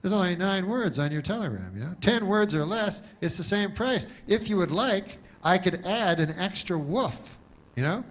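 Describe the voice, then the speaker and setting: A man playing a friendly, chatty telegram clerk who offers a helpful tip. His voice sits a bit higher than the teller's own and has an obliging lilt, in a stage joke. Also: expressive, normal speed.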